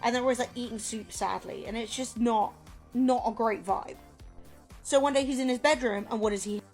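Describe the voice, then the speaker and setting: A woman streamer talks casually in a fairly high voice and rambles through a story. She is playful and chatty and fills her lines with "like". Faint music plays underneath. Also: normal speed, a little mellow.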